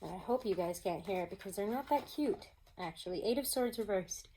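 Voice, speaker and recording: A woman's voice: medium pitch, expressive, fairly quick, dark tone, breathy edge, rough recording. A woman giving a casual tarot reading at home, talking chattily to her viewers with many fillers. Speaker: tarot reader. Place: home with pets nearby.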